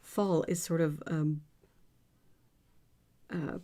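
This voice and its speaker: Chatty woman, low voice. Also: steady tone, very slow, mellow. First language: French. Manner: chatty and giggly, trailing off and searching for words. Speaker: art livestream host. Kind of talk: casual livestream chat, reading viewer comments.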